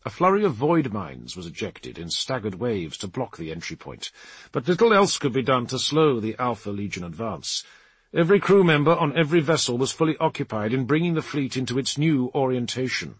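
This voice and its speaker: A man narrating an action audiobook in a dramatic, lively reading. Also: mid-range voice, brisk, slightly rough, dry recording. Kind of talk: scripted narration.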